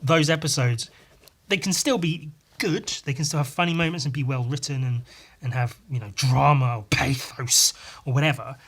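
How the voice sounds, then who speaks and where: A man's voice: medium pitch, fairly bright tone. A man hosting a casual solo podcast, talking in a rambling, hesitant way, with frequent ums and restarts. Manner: laid-back and self-deprecating. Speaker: podcast host.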